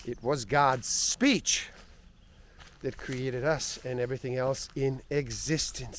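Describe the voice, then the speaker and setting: Slow, deliberate male reader. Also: medium pitch, slight background noise. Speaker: book reviewer reading passages. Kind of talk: slow reading aloud.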